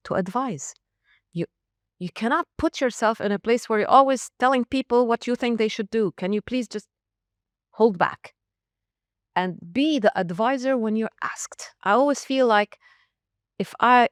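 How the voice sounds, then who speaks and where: A woman's voice: medium pitch, moderate pace, dry recording, studio quality. A woman around sixty, a school leader answering interview questions in an emphatic, direct way with short punchy phrases. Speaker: school academic leader, guest.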